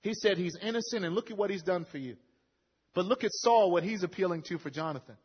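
A man's voice: sits high, quick pace, slightly rough. A man preaching a sermon to a congregation, quoting scripture in a conversational way that builds to emphatic peaks. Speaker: pastor. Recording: lo-fi recording with long hall reverb.

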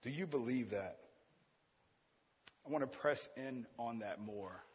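Guy preaching in a church, kinda husky, keeps hammering rhetorical questions, long echo, muffled lo-fi sound. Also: medium pitch, a little slow. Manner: earnest, builds on repeated rhetorical questions. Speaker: pastor. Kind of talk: sermon. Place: church sanctuary. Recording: dull, echoey church hall sound.

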